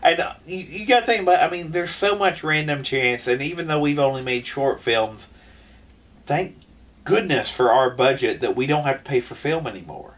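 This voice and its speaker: A man's voice: fairly high pitch, normal speed, a bit bright, far from the mic. A man co-hosting a podcast in casual chat, rambling with frequent restarts. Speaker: podcast co-host.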